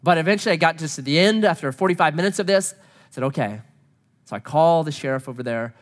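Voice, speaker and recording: Speaking fast with lively intonation, an adult married man relates a personal story as part of a sermon. His earnest delivery moves between hushed lows and emphatic, pleading peaks.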